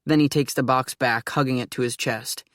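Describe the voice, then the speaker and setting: A woman's voice: rumbling low, steady tone, moderate pace, no echo, clean studio sound. A woman narrating an audiobook in the first person, with an eager, flustered delivery.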